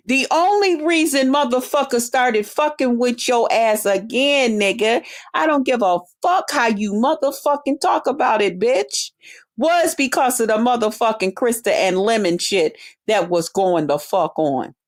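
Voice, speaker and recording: A woman hosting her own stream, delivering an angry, profane rant that taunts a rival. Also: fairly high pitch. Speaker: online streamer.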